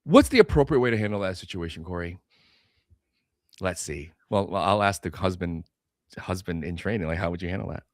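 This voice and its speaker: A man who is a guest on a podcast, telling profane, animated stories in casual chat. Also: sits low, brisk, dry recording, studio quality. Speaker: guest, sales consultant for chiropractors.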